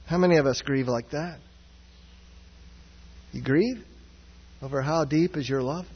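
A man preaching a sermon as pastor, earnest and searching, swinging from raised, near-shouted passages down to low, quiet ones. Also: unhurried, husky. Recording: dull sound with long hall reverb.

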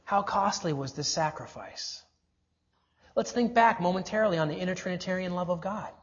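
Guy preaching a sermon, emphatic, slows way down on the big lines, keeps asking the crowd questions, kinda muffled lo-fi recording. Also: high-pitched. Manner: emphatic, slowing down to stress key phrases; rhetorical questions to the congregation.

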